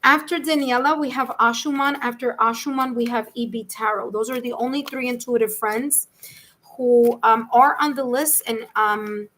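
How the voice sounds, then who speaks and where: A woman's voice: fairly high pitch, steady tone, normal speed, a bit bright, slight background noise. A woman with a New York accent giving a chatty, reassuring live-stream tarot reading and calling on viewers by name. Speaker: tarot reader.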